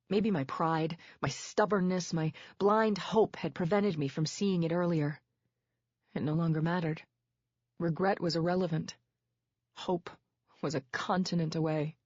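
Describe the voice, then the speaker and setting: Woman narrating audiobook, lowish voice, tense measured read, dull dry audio. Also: no echo. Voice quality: measured, tense, dramatic reading. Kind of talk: first-person scripted narration.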